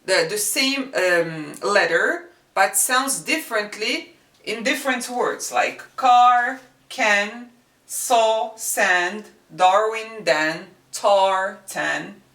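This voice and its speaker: A woman's bright voice teaches letter sounds at a very unhurried pace, repeating each one. She sits a little away from the mic, and the room adds a noticeable echo. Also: mid-range voice. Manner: demonstrates sounds slowly with repetition. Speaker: Arabic teacher. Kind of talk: slow language lesson. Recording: echoey room, mic at a distance.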